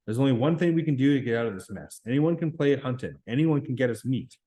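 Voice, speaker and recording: A man's voice: mid-range voice, lively intonation, fast, warm tone, close to an everyday voice. A man reading aloud the lines of an anxious, earnest schoolboy with asthma, in a pleading tone.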